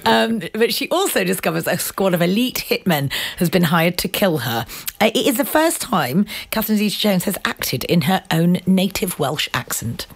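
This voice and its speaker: Creaky-voiced chatty woman radio presenter. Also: fairly low pitch, sing-song, moderate pace. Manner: chatty, laughing easily. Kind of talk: casual chat.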